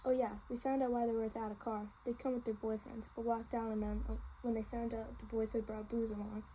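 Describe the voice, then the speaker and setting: A woman's voice: on the high side, flat delivery, brisk, highs cut off, slight background noise. A woman reading a novel aloud in a casual way, with small slips and restarts. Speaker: reader.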